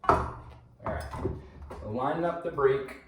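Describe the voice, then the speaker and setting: Assembling a bike, a man with a medium-pitched, slightly slow voice rambles casually to himself and cracks jokes along the way in this unboxing walkthrough. The mic is distant, the sound roomy, and background noise is clearly audible.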